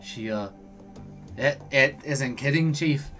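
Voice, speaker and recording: A man's voice: medium pitch, slow, pushed and bright, faint music behind. A man voicing the formal, stiff simulacrum of a woman hacker in a video game. He reads the lines precisely and formally.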